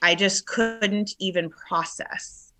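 A middle-aged woman, shaken, telling a painful personal story in a halting way with many restarts. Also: medium pitch, steady tone. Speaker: guest.

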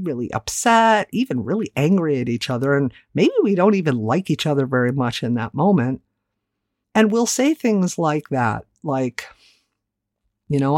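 Woman self-help host, animated delivery over a wide pitch range, candid and casually profane, dry close sound. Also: no room sound. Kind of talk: reflective solo monologue.

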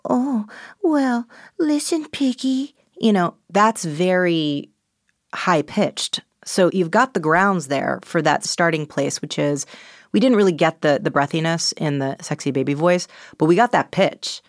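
Low-voiced woman author, dry studio sound. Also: no echo. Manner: animated, quick, breaks into quick voice impressions. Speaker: author and interviewee. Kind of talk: conversational interview.

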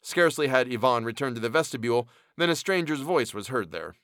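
A man narrating a classic story in an expressive, measured reading. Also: medium pitch, dry recording, clean studio sound.

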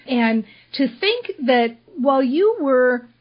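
A woman hosting an interview show, chatting enthusiastically with quick asides. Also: high voice, sing-song, husky. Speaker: podcast host. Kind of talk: casual interview chat. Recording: dull lo-fi audio.

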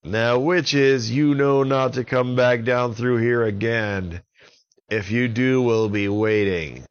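A man's voice: mid-range voice, steady tone, slow, dull audio, voice pushed up. A man doing a commanding boy wizard. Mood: stern. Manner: calls out commands loudly. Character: young boy wizard, brave and bossy.

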